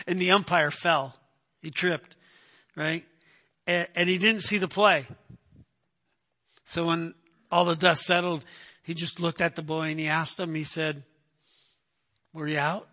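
A man's voice: sits high, pushed and bright. A man preaching a sermon, emphatic and repeating "right?" to his listeners. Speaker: pastor.

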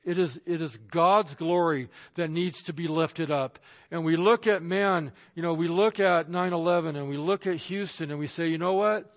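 A man's voice: a little high, moderate pace. A man preaching a sermon as pastor, emphatic, acting out the voices he quotes. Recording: long reverb of a large hall.

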